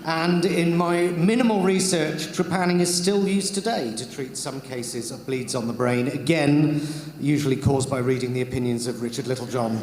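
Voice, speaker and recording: A man's voice: mid-range voice, normal speed, a little mellow, reverberant, big-room sound. A man hosting a comedy awards show, sarcastic and chuckling between his lines. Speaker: awards host.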